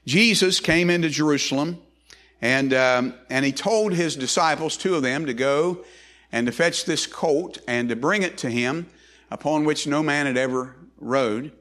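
A man's voice: a little high, unhurried, fairly bright tone. A man preaching a sermon as pastor, folksy and loose, with frequent restarts and repeated words.

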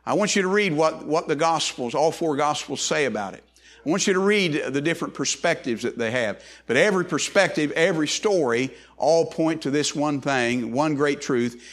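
A man's voice: a little high, a bit bright. A man preaching a sermon as pastor, folksy and loose, with frequent restarts and repeated words.

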